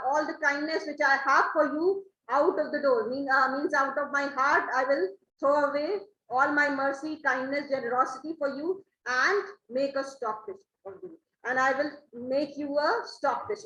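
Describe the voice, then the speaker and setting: Woman literature teacher with a high voice who reads each line of the play, then paraphrases it and asks "right?". Dull, lo-fi sound. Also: a bit bright. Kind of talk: reading and explaining a play line by line. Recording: echoey room, dull lo-fi sound.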